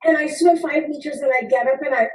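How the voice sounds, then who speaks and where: A woman in her fifties playfully tells an audience a funny story from her life, acting out the people in it. She speaks quickly in a high voice, captured roomy from a distant mic.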